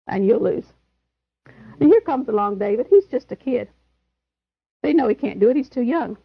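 High-voiced emphatic woman preacher. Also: animated, moderate pace, gravelly, husky, dull audio. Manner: emphatic, chuckling, repeats key words. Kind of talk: sermon.

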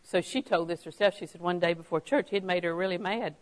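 A woman's voice: fairly low pitch, fairly quick, poor audio. Woman preacher mid-sermon, earnest and storytelling, repeating lines for emphasis. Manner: emphatic, repeats key phrases; tells anecdotes with a chuckle.

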